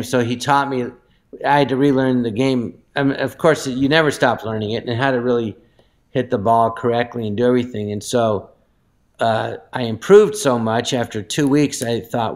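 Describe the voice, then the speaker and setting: Halting, flustered male guest. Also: mid-range voice. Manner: halting, stumbles and restarts, flares into shouting. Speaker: comedy show guest. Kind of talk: improvised comedic interview.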